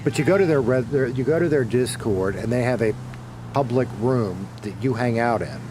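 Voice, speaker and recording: A middle-aged man chatting with his viewers while he plays, in a loose, meandering way, often swearing and going back to fix what he just said. His voice sits at an ordinary pitch, with a faint hiss of noise behind it. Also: normal speed. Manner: rambling, self-correcting, swears casually. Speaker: streamer. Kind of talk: casual chat while gaming.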